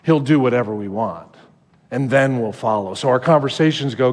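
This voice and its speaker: A male pastor giving a sermon in a conversational, animated storytelling manner. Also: mid-range voice, normal speed, in a large hall.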